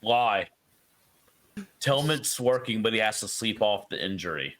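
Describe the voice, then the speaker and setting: A man's voice: fairly low pitch, animated, unhurried, a bit bright, no room sound. A man playing in a tabletop game, mischievous and joking in casual chat. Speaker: player.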